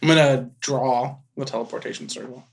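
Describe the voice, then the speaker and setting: A man's voice: medium pitch, steady tone, fairly quick, gravelly. A man playing a tabletop game, talking in an offhand, hesitant way. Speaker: player. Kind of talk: casual tabletop play.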